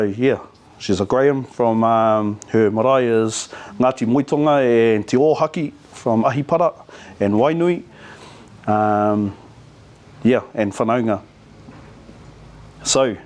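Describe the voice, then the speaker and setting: A middle-aged man with a New Zealand accent, giving a casual community talk and telling stories in a relaxed, easy way. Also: fairly low pitch. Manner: relaxed, storytelling with te reo Māori words. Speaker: community speaker.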